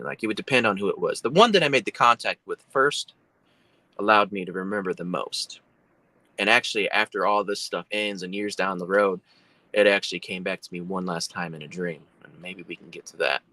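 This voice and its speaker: A man's voice: sits low, bright, forceful tone, no echo. A man, a guest telling a long story on a video call, rambling with many fillers and restarts. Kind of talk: casual storytelling.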